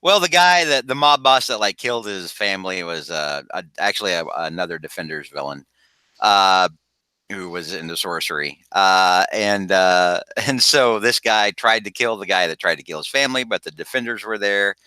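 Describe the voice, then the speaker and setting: Man, podcast host, lowish voice, very bright tone, rambling casual chat, dry close sound. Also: expressive, moderate pace, clear, resonant tone, dry recording. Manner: rambling, self-interrupting, laughs while summarizing.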